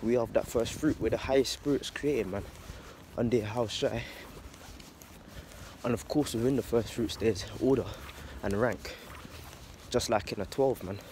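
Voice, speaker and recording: A man's voice: medium pitch, normal speed, darkish tone, a little hiss or hum. A man talking casually about faith in a loose, slangy monologue, swearing and ending lines with "man.". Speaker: religious vlogger.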